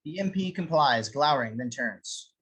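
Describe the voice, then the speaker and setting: A man narrating a script reading, with a steady, descriptive reading of the stage directions. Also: mid-range voice, moderate pace, breathy edge, low-quality recording.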